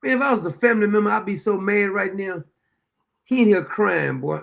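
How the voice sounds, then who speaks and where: Indignant high-pitched man with a gravelly voice. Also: a little fast, fairly bright tone. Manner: indignant, blunt and profane; rambling with restarts. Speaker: show host. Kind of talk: reacting to a courtroom video.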